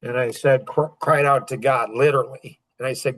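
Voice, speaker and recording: A man's voice: medium pitch, steady tone, moderate pace, few pauses, no echo. Earnest rambling man telling a story. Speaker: self-improvement speaker. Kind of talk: personal storytelling talk.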